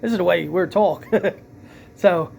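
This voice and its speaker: A man with a thick Philadelphia accent rambles through a casual late-night vlog rant. His voice sits high for a man, and he strings thoughts together with constant fillers and self-corrections. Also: measured pace, gravelly, darkish tone, a little hiss or hum. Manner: rambling, heavy with "like" fillers and restarts. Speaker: vlogger and DJ.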